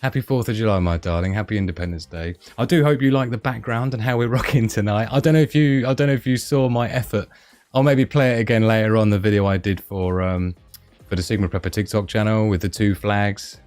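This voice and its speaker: A livestream host with a lowish voice and darkish tone chats casually and ramblingly while reading out viewer comments.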